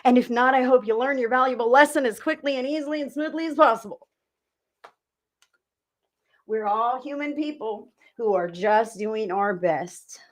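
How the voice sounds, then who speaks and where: A woman hosting a live tarot reading stream, chatting casually with her viewers, sometimes swearing and sometimes turning away from her microphone. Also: a little high. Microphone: desk mic, turns away from it at times.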